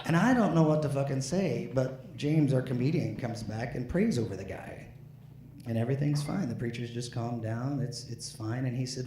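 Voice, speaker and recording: Mellow and mid-range, this man's voice carries a tipsy stand-up set that rambles along, stumbling over fillers and restarting often. The recording sounds echoey, with faint ambience and slight background noise.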